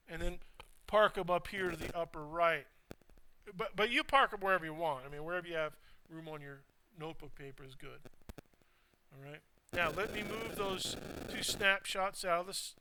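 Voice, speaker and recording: A man's voice: high voice, pushed and bright, a little hiss or hum, poor audio. A man lecturing a physics class, walking students through a drawing step by step and quizzing them. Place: lecture hall.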